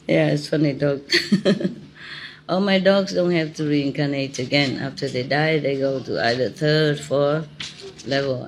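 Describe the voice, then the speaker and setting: A middle-aged woman gives a relaxed spiritual talk in an unhurried, drawn-out way. She speaks in simple non-native English, chatty and often breaking into laughter. A faint hiss of noise sits under her voice. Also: sits low. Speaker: spiritual teacher. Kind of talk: informal spiritual talk and storytelling.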